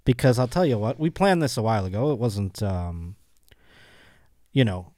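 A man's voice: on the low side, sing-song, moderate pace, a little mellow, no echo, clean studio sound. A man hosting a podcast, in casual chat with a chatty, teasing, wry manner. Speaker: podcast host.

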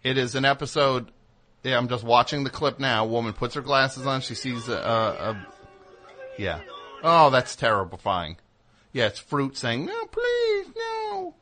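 A man hosting a call-in radio show, talking in an animated, rambling way full of restarts. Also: medium pitch, normal speed.

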